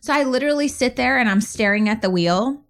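A woman co-hosting a podcast, telling a story in an animated, exasperated way. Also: fairly high pitch, brisk. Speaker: podcast co-host. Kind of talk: casual storytelling chat.

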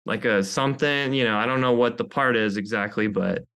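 A man guesting on a podcast talks in a loose, rambling way and turns self-conscious jokes on himself. His voice is bright and sharp, sitting at an everyday middle pitch for a man. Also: a little fast, smooth. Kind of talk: casual chat. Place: podcast studio.

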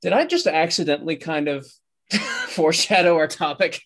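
A man with a fairly high voice co-hosts a casual podcast. He talks in a relaxed, rambling way, with plenty of filler sounds between his thoughts. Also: moderate pace. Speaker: podcast co-host.

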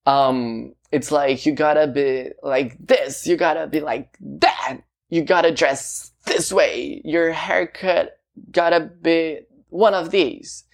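Man, singer, personal to-camera talk. Slow, halting, gravelly. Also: a little high. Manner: halting, searching for words, often asking "you know?". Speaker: singer talking about his debut album.

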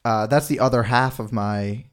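Joking podcast co-host. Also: male voice, mid-range voice, moderate pace. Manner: joking, banters. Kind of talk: casual chat.

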